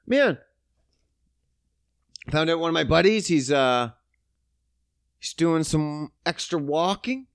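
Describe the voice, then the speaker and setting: A man hosting a podcast, ranting casually with lots of swearing and mocking, his voice jumping up and down in pitch. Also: takes it slowly, long pauses, clean tone, no echo, studio quality. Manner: profane, animated, mocking ranting with sudden pitch jumps. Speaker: podcast host.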